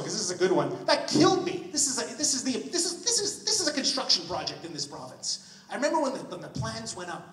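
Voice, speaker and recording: A man's voice: sits high, sharp tone. Brash swearing male stand-up comic. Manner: crude, rambling, swearing. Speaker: stand-up comedian. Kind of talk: stand-up set. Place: comedy club stage. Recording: echoey club from a distance.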